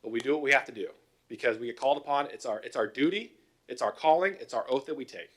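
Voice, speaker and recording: A man's voice: mid-range voice, quick pace, fairly bright tone. A middle-aged man, a police officer, giving an informal talk to a council with stories and rhetorical questions. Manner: conversational, acts out both sides of calls, rhetorical questions. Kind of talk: informal presentation with anecdotes.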